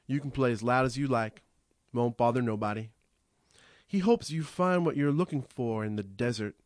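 A man voicing the host's easygoing hired man, who talks in a relaxed, colloquial way. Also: medium pitch, no room sound, clean studio sound, close to an everyday voice. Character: plain-spoken man working for the host.

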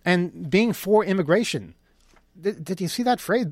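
A man's voice: high voice, lively intonation, moderate pace, no echo, clean studio sound. A man delivering an opinion monologue in a sarcastic, mocking tone. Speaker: commentator.

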